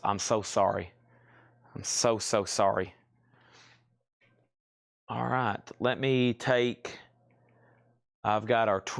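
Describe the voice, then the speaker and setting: Brisk man calling out record prices. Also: medium pitch, fairly bright tone, dry recording, studio quality. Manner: brisk, rattling off prices and buyer names. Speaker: live sale host. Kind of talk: live sales patter.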